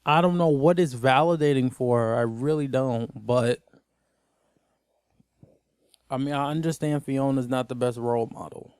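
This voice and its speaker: A man's voice: medium pitch, moderate pace, darkish tone, clear, resonant tone, dry recording, studio quality. A man giving a casual, rambling TV episode recap as host, sounding exasperated throughout.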